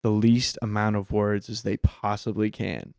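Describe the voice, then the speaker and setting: A man's voice: fairly low pitch, flat delivery, moderate pace, vocal fry, a little mellow, clear, resonant tone, no room sound, studio quality. A man co-hosting a casual film podcast, rambling and restarting his sentences, swearing freely. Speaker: podcast co-host.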